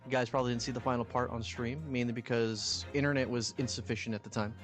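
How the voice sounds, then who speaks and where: A man's voice: mid-range voice, steady tone, fast, faint music behind. A man hosting a game stream, chatting casually and voicing the lines with animation, laughing often. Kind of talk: casual stream chat and reading game dialogue.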